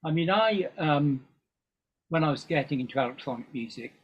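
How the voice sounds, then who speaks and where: An older English man, a guest musician, chats casually in an interview with a fairly high, expressive voice at a moderate pace. He rambles, often saying "um" and restarting his sentences. The lo-fi recording sounds dull and carries a little hiss or hum.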